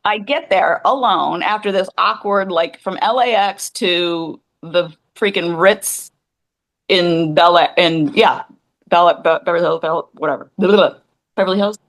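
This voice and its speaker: A woman's voice: fairly low pitch, measured pace, poor audio. A woman in her forties, a podcast co-host, chatting casually and rambling, often acting out what others said. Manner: rambling, animated, acts out quoted voices. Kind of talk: casual chat.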